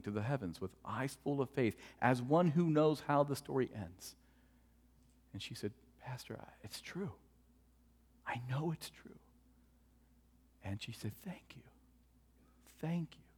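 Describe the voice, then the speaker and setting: A man preaching a sermon as pastor, telling stories earnestly and dropping to hushed tones for tender moments. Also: medium pitch. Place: church sanctuary. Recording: long church hall reverb.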